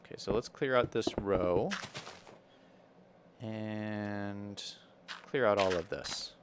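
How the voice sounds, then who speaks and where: A man with an American accent streams a building game, chatting casually with viewers, thinking aloud while he builds, and laughing often. His voice is lowish and slow, with background noise in the recording.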